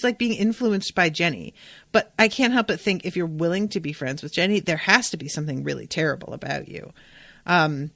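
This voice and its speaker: A woman hosting a podcast, recapping an episode in a casual, animated, profane and digressive way. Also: lowish voice, vocal fry, no echo. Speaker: podcast host.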